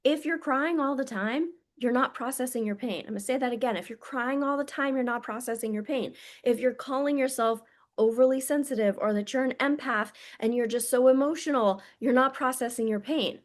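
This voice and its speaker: A woman acting as a spiritual coach talks straight into the camera, her fairly high voice moving a little quickly. In this relaxed monologue she's outspoken and blunt, curses freely, and calls her listeners "my loves" with intimacy.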